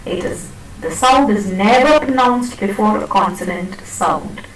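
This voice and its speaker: In a pronunciation lecture, a woman patiently models and repeats words, checking that her students are following. Her mid-range voice is animated and unhurried. The distant mic picks up an echoey classroom and a little hiss or hum.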